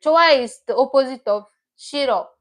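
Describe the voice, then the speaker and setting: A woman's voice: high voice, moderate pace. A woman teaching a live online language lesson, patient and repeating each word as she explains it step by step.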